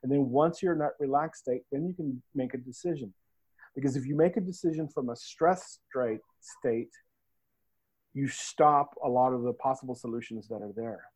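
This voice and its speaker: A man talks in an easy, casual way, coaching his listeners on handling stress. He tells stories and acts out the people he quotes, and his voice sits at an ordinary middle pitch. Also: normal speed, darkish tone, slightly rough, rough recording. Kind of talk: casual podcast talk.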